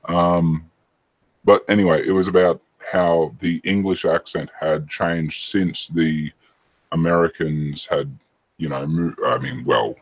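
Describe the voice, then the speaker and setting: A man's voice: extremely low pitch, steady tone, slow pace, no echo. A man, chatting casually on a podcast in a rambling, hesitant way that keeps correcting itself.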